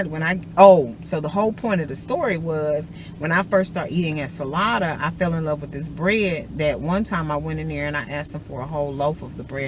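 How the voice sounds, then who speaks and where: A woman's voice: sits low, background noise. A woman telling a rambling story in a casual vlog, laughing often as she goes. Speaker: vlogger.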